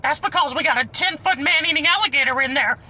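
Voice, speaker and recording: A man putting on a high, giggly cartoon mouse voice that curses a lot. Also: fast talker, bright, forceful tone, lo-fi sound, full character voice. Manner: high falsetto, giggly, cursing. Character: squeaky cartoon mouse man, brash host.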